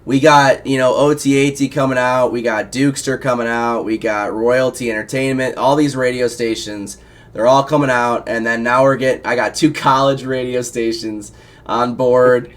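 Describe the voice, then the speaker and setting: A man from Iowa hosting a casual interview show, rambling excitedly and swearing a lot. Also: medium pitch, normal speed. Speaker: show host. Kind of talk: casual profane chat.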